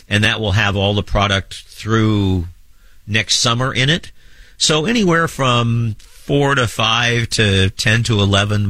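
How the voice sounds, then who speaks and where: A man's voice: fairly low pitch, pushed and bright, no echo. A man co-hosting a chat show, explaining travel planning plainly and teasing his partner dryly. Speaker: radio show co-host, travel tour organizer. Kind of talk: casual chat.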